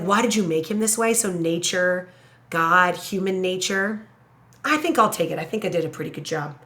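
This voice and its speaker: Teacher thinking aloud, musing hesitantly. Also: female voice, medium pitch, fairly bright tone. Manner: musing, self-correcting, hesitant. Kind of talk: thinking aloud while writing an essay paragraph.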